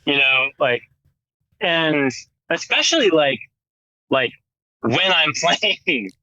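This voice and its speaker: On dull audio, an American man in his thirties, a guest guitarist, talks casually in an interview, rambling with plenty of "like" and restarts. His voice is a little high, pushed and bright, with lively intonation and a slow pace.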